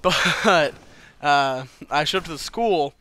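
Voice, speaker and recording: A man's voice: a little high, animated, slow pace, bright, forceful tone. A man casually telling a personal story to camera, chatty and loose, swearing freely and laughing between lines.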